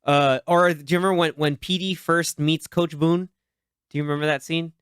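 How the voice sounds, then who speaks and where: A man's voice: a little high, a little fast, smooth, no echo, clean studio sound. A man hosting a podcast, chatting casually and animatedly about movies and acting out favorite lines. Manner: animated, quotes film lines in put-on voices. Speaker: podcast host.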